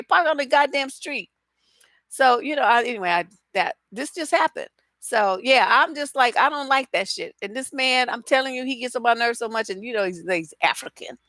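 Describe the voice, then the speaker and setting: A woman relationship coach with a high voice talks to her viewers in a casual live broadcast, blunt, animated, and freely profane. There's no room sound.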